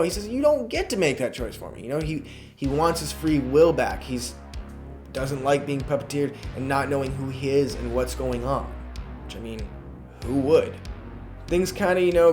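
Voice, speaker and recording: A man recapping a TV episode in a casual, chatty way, full of fillers and growing excitement. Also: a little high. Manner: chatty, fills talk with "you know" and "like", grows excited. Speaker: YouTube show reviewer.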